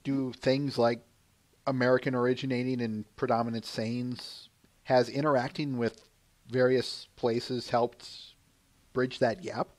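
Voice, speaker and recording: A man's voice: mid-range voice, level tone, unhurried, a little mellow, no echo. A man hosting a podcast, reading listener questions to his guest. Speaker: podcast host.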